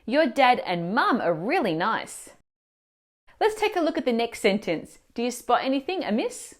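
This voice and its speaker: A woman teacher explaining grammar mistakes in clear, instructive scripted narration, asking the viewer questions. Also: fairly high pitch, very animated, normal speed. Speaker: language teacher.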